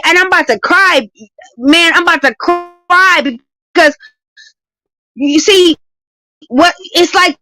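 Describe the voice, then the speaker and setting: A woman's voice: sits high, a bit bright, no room sound, low-quality recording. A woman in a heated live-stream argument, confrontational and profane, hammering her points with repetition. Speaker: debating guest.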